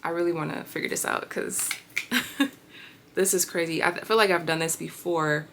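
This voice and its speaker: A woman in her thirties candidly telling a personal healing story, reflective and pausing often. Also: lowish voice, fairly bright tone, slight background noise. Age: 30s. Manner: reflective, with pauses and fillers. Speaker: vlogger sharing a healing story.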